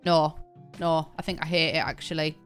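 A woman's voice: sits low, little pitch movement, normal speed, faint music behind. A young British woman in casual live-stream chat while she plays, rambling, laughing often and swearing offhand. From Britain. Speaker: game streamer.

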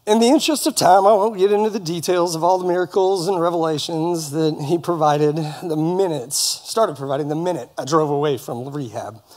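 Standing before his congregation at a church service, a middle-aged man gives an earnest personal testimony. He's folksy, adds gentle humor, and speaks a little fast with few pauses, his voice slightly high for a man.

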